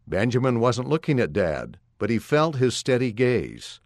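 Man reading a story aloud, expressive. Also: medium pitch, moderate pace, no echo, studio quality. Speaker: narrator.

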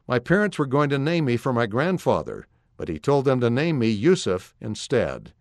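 A man's voice: mid-range voice, big pitch swings, normal speed, no echo, studio quality. A man reading aloud and voicing a friendly young schoolboy who explains things plainly. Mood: calm.

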